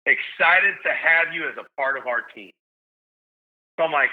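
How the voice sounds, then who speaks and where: A man, a stadium announcer guest on a podcast, telling stories in an excitable, joking way. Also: on the high side, normal speed, pauses often, narrow, tinny audio. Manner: excitable, jokey storyteller. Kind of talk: casual podcast storytelling.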